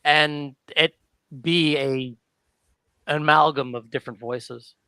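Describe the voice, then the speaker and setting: A man's voice: on the high side, fairly even intonation, takes it slowly, sharp tone, smooth. A man chatting casually on a gaming stream, often hesitating and restarting. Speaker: player on a tabletop game stream. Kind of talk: casual chat.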